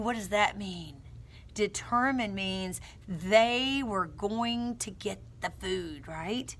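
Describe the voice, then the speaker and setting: Slow, bright-voiced woman teacher. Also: medium pitch. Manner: expressive storytelling with phonics coaching. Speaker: teacher reading aloud. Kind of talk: read-aloud lesson for young children.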